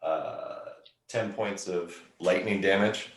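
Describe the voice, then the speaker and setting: A man playing in a tabletop game, describing his character's moves in a relaxed, measured way. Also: low voice, echoey room, recorded from a distance. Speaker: player.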